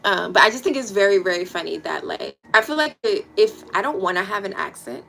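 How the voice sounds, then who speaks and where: A woman in her thirties with a Washington, D.C. accent, chatting casually and bluntly with her livestream viewers, swearing freely and dropping into quiet asides. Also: medium pitch, animated, brisk, gravelly, a little hiss or hum, poor audio. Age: 30s. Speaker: livestream host.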